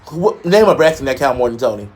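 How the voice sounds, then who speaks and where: A man's voice: big pitch swings, fast, darkish tone, breathy edge. A man co-hosting a casual gossip talk show, sassy and emphatic, full of shade. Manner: sassy, shady, emphatic with big pitch jumps. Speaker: co-host.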